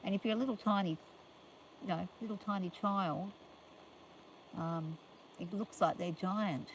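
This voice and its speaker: Outdoors on her farm, an older woman hosts a casual, chatty livestream, wandering from topic to topic with viewers and playfully scolding her animals. Her mid-range voice stays steady at a measured pace. The low-quality recording carries a little hiss or hum.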